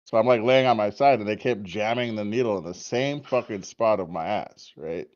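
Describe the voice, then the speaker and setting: A man's voice: lowish voice, normal speed. Profane man telling a story, dull audio. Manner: profane, animated, laughs often. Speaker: podcast guest. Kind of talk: casual storytelling.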